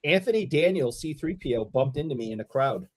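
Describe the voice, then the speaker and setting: A middle-aged man on a podcast, telling a story in casual chat, excitable and repeating himself. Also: medium pitch, a little fast. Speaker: podcast co-host.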